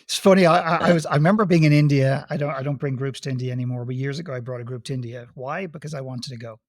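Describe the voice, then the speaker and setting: A man's voice: mid-range voice, fast talker, no echo, studio quality. A man speaking as a guest coach on a podcast, talking emphatically and telling stories with acted-out quotes. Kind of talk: conversational podcast interview.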